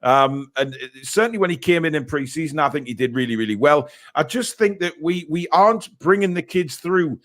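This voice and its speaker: A man's voice: on the high side, lively intonation, a little fast, hardly any pauses, fairly bright tone. Chatty male podcast host. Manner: chatty, reacting with filler words. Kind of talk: casual live-stream chat.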